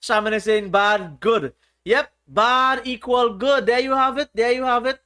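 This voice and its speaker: A man's voice: extremely high pitch, unhurried, bright, forceful tone, clear, resonant tone. A man hosting a casual livestream, reading viewers' chat aloud in a playful, teasing way. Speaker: livestream host.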